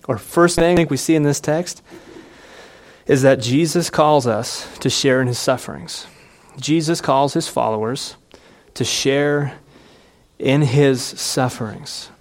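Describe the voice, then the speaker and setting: A man in the middle of a sermon, speaking at an ordinary mid pitch. He talks earnestly and conversationally. He jumps his voice up when he acts out the people in his story. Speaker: pastor.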